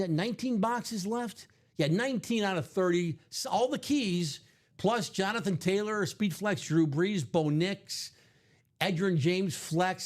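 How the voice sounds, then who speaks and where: A man hosting a live card break stream, upbeat and jokey, reading out names and spots quickly. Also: on the high side.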